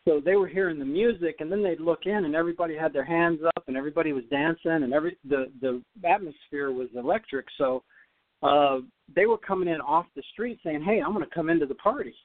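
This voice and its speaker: A man with a slightly high voice tells a long story as an interview guest, animated and prone to restarting his words. The sound is dry and narrow, like a call coming through a phone, with no room around him. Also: brisk, no echo. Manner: animated, repeats words while telling a story. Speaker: podcast guest, former tennis player.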